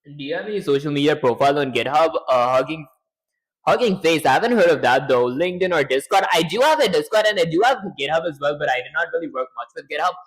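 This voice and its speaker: A young man talking casually on a live stream, rambling aloud and clearing his strained throat often. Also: on the high side, a bit bright, low-quality recording. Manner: rambling, self-commenting, frequent throat-clearing.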